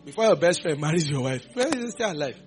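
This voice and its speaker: Animated male preacher. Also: on the high side, fast, soft background music. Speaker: pastor. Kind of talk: sermon.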